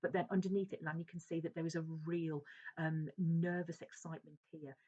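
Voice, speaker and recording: A woman's voice: deep voice, steady tone, brisk, mellow. A woman teacher who reads a novel aloud and explains it, talking hesitantly with many fillers and restarts. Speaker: English teacher. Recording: dull lo-fi recording.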